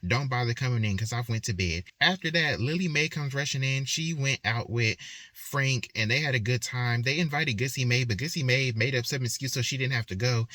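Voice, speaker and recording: A man's voice: mid-range voice, a little fast, bright, forceful tone, no echo. A young man casually recapping a novel as a book reviewer, chatty and colloquial, acting out the characters' lines. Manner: chatty, colloquial, acts out quotes.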